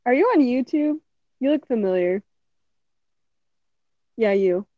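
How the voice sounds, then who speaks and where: Lively, sarcastic woman, lo-fi sound. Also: fairly high pitch, measured pace, no room sound. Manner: playful, sarcastic quips. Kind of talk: casual chat. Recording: dull lo-fi audio.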